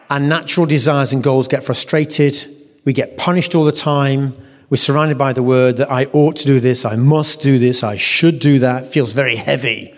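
A man's voice: mid-range voice, steady tone, normal speed. A middle-aged man giving an earnest teaching talk at a church conference, acting out voices in his stories. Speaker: Christian teacher. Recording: reverberant hall.

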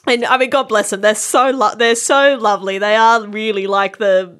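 A woman co-hosts a relaxed conversation in a mid-range voice. She tells stories with animation, laughs easily, and often restarts her sentences as she talks. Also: mid-range voice, normal speed. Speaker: podcast co-host. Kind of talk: casual chat.

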